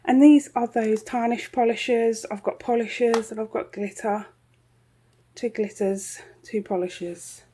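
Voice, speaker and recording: A woman's voice: on the high side, steady tone, a little slow, dark tone, slightly rough. A woman chatting casually through a tour of her home craft room, rambling with lots of ums and little laughs. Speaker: craft vlogger. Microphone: handheld camera.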